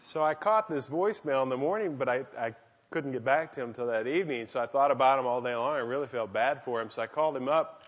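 A man's voice: mid-range voice, quick pace, big-room sound. A man speaking at a men's gathering, giving a devotional talk told through folksy anecdotes, on a dull lo-fi recording.

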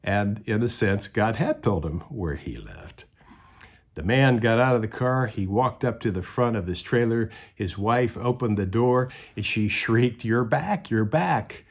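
This preacher's voice sits lowish, expressive and unhurried, as he narrates a story in his sermon, voicing each character himself.

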